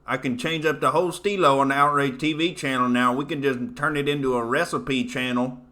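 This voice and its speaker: Comedic bit: a man playing a boastful Oklahoma redneck, slow twangy drawl, bright tone. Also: mid-range voice, fairly even intonation, natural voice. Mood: mocking. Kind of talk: comedic character voice.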